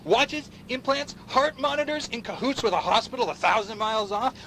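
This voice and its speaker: An actor playing a paranoid male pundit in video game dialogue, ranting against machines and swinging from hushed whispers to shouts. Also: very high-pitched, lively intonation, brisk, slight background noise, heavily acted.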